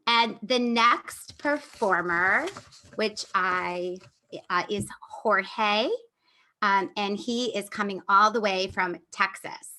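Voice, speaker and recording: 明亮慢条斯理的女主持人. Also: female voice, mid-range voice, takes it slowly, sharp tone. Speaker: show host introducing performers. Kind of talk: stand-up set closing and emcee introduction.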